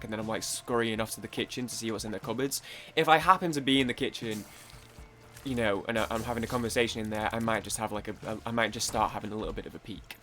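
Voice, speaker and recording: A man's voice: mid-range voice, steady tone, quick pace, fairly bright tone, soft background music. A young British man rambling chattily through casual let's-play commentary, full of fillers and swearing. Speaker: gaming YouTuber.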